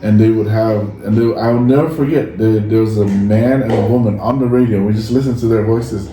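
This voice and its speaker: In a lowish voice and at a slightly fast clip, a podcast co-host from Samoa, whose first language is Samoan, spins stories in a relaxed chat, performing the quoted lines with animation. The recording is echoey, with a distant mic and faint noise.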